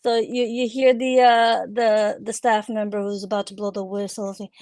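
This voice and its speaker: A woman narrating a tabletop game as game master, relaxed and hesitant, with many fillers. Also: mid-range voice, normal speed, hardly any pauses.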